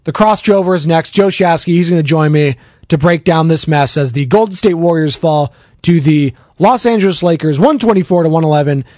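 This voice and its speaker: A man's voice: on the high side, brisk, a little mellow, dry recording. Sarcastic sports radio man, dry studio. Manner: sarcastic, rambling, with tangents. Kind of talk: opinionated sports talk monologue.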